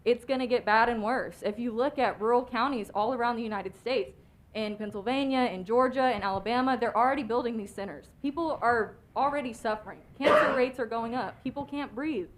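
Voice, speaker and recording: A woman's voice: a little high, fairly quick. A young woman giving an impassioned, plainspoken public comment at a city council meeting. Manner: impassioned, plainspoken, grows worked up. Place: council chamber.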